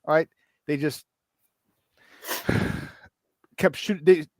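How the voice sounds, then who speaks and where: A man co-hosting a casual sports talk show, telling stories with lots of fillers, swearing freely, and getting loud when he acts out a scene. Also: a little high, slow pace, no room sound. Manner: animated storyteller who shouts in retold scenes, swears freely. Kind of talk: casual sports radio chat.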